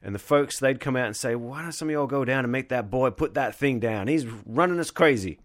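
A man's voice: medium pitch, a little fast, pitched above the performer's own voice, natural voice. A man doing an old Southern bluesman. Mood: reminiscing. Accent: Southern US, put on. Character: old Southern bluesman recalling his youth.

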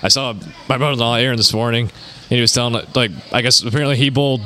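Bright-voiced joking man in a bar. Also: medium pitch, steady tone, fast. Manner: joking, teasing. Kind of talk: casual banter.

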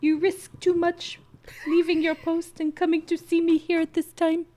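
A woman voicing a stiff, fishlike male alien navigator in a slow, pompous and fussy way. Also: very high-pitched, little pitch movement, dark tone, voice pushed up.

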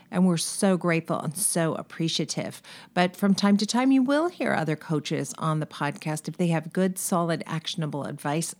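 A woman's voice: deep voice, darkish tone. Enthusiastic woman hosting a podcast. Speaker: podcast host. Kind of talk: conversational podcast intro.

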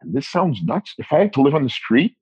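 A man in his forties talking casually as an interview guest, rambling and self-deprecating, quick to laugh. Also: mid-range voice, big pitch swings, slightly rough, no room sound, muffled recording. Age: 40s.

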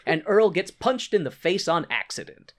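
A man's voice: high-pitched, normal speed. A man co-hosting a podcast, casually recapping a stage show with jokes and frequent laughter. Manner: animated, laughing, jokey. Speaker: podcast co-host.

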